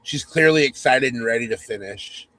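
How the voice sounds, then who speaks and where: A man's voice: mid-range voice, normal speed, sharp tone, low-quality recording. A man hosting a podcast, reading a spoof romance story in second person with mock-sultry narration and teasing asides. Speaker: podcast host.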